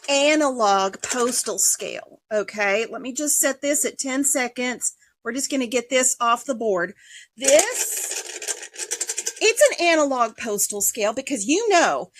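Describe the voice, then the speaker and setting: A woman hosting a casual livestream sale from a basement, talking in a mock-calm, sarcastic way with sighs and throat-clearing. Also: high voice, no room sound. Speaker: livestream seller and host. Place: home basement room.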